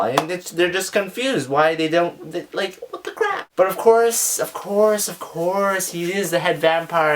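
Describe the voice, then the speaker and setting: A teenage boy casually reviewing a movie in a vlog, rambling and hedging a lot as he jokes around. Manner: rambling, jokey, hedging with "kind of" and "I guess"; acts out characters in excited high squeals.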